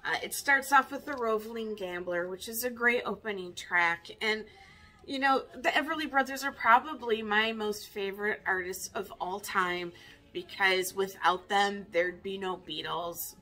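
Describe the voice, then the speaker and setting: A woman's voice: mid-range voice, moderate pace, sharp tone, soft background music. A woman in her fifties, a record collector chatting casually in a vinyl tag video, wry and self-mocking. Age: 50s.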